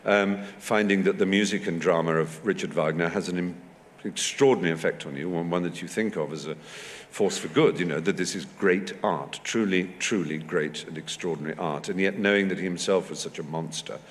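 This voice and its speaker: Articulate English man, fifties, low and animated; stage talk recorded with long hall reverb. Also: fairly quick. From England. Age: 50s. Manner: anecdotal, animated, mimics voices in quotes. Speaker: festival speaker. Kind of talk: onstage talk with audience. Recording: hall reverb, faint noise.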